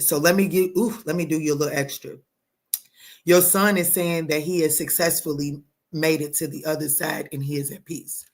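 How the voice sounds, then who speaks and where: Emphatic woman reading tarot live. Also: low voice. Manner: animated, emphatic, swears casually, talks to viewers by pet names. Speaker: tarot reader answering live chat.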